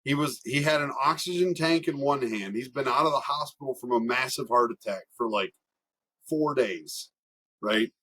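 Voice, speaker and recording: A young man, a racing driver guest, telling stories in a casual, animated way, laughing often and swearing freely. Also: mid-range voice, normal speed, breathy edge. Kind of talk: casual storytelling.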